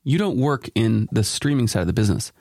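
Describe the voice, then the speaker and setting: A man hosting a daily podcast, chatting casually with a colleague. He talks in a quick rush and laughs often. His voice is dry and close, with no room around it. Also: fairly low pitch, creaky, no echo. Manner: fast, animated, laughs often. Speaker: podcast host. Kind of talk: casual chat.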